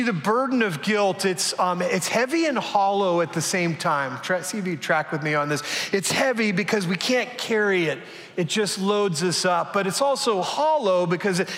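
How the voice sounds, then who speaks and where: A man's voice: high-pitched, a bit bright. A man preaching a sermon as a pastor, conversational and earnest, with a touch of self-deprecating humor. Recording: echoey hall reverb.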